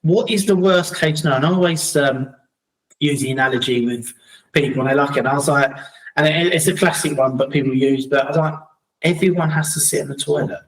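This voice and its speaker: A middle-aged man with a South London accent, his voice sitting a touch higher than most men's. He tells stories as a podcast guest in a loose, animated way, slipping into the voices of the people in them. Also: a little fast, low-quality recording. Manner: animated, acts out quoted voices. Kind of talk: casual storytelling chat.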